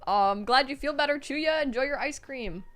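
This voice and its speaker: A woman streamer reading viewer messages aloud on a live stream, reacting with excitable, gushing praise and casual swearing. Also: high voice, moderate pace, faint music behind.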